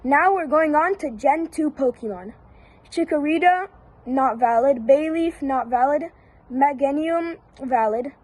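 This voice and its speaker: A woman giving casual one-word verdicts down a long list, flat and repetitive with brief hesitations. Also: high voice, unhurried, rough recording. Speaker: YouTuber.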